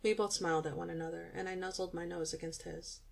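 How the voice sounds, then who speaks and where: A young woman narrating an intimate audiobook story in the first person, in an even, intimate storytelling manner. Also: fairly low pitch, fast, creaky.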